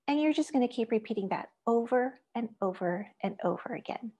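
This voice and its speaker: A woman's voice: fairly high pitch, expressive, brisk, hardly any pauses, background noise. A woman teaching an online music lesson, giving patient step-by-step instructions and chanting rhythm syllables and counts. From Asia.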